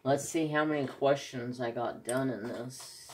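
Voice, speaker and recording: A man's voice: mid-range voice, fairly even intonation, a little slow. A man chatting casually in his craft vlog, telling anecdotes animatedly. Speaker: craft vlogger. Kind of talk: casual chat while crafting.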